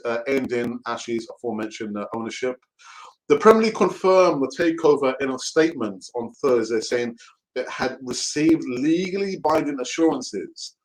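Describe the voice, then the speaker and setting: A man's voice: mid-range voice, low-quality recording. A young man hosting a fan channel's live show, talking in a chatty, jokey, rambling way and often restarting his sentences. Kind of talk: casual live show talk.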